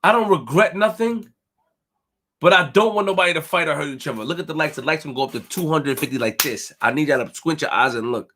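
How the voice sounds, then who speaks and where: A man's voice: on the high side, quick pace, sharp tone. A young man hosting a live stream, ranting boastfully and emphatically, repeating his phrases and tripping over words. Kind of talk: fired-up live-stream rant.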